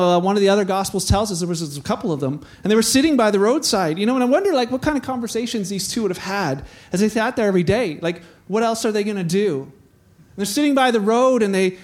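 A male pastor with a high voice gives a relaxed, chatty sermon. He acts out the story himself, slipping into different characters' voices as he goes. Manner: conversational, voices characters in dialogue. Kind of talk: sermon with acted-out scenes.

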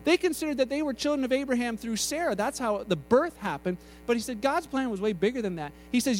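High-voiced male preacher, casual and halting. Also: animated, slight background noise. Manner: casual, conversational, frequent restarts. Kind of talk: sermon.

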